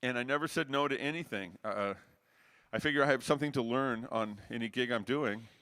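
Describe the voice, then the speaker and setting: A man's voice: mid-range voice, fairly quick, bright, forceful tone, dry recording. Middle-aged male musician guest, rambling anecdotes, dry close mic. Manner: rambling anecdotal storyteller with frequent restarts. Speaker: guest jazz saxophonist. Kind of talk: casual storytelling interview.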